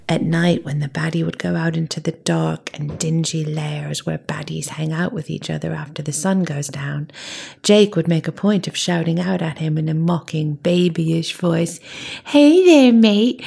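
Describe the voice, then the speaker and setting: A woman narrating a children's story, often in a soft half-whisper with playful emphasis and a breathy, husky voice. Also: sits low.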